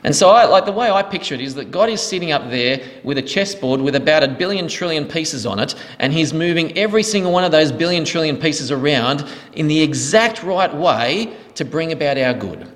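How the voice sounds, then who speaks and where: In a reverberant hall, a pastor leads a question-and-answer teaching session, thanking each asker and explaining his answers earnestly. His voice is fairly high, animated and fairly bright, moving a little fast.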